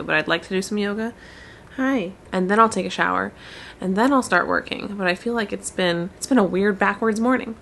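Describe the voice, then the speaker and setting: A woman's voice: medium pitch, gravelly, fairly bright tone. A pregnant young woman vlogging casually, rambling and chatty, swearing here and there. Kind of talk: casual vlog chat.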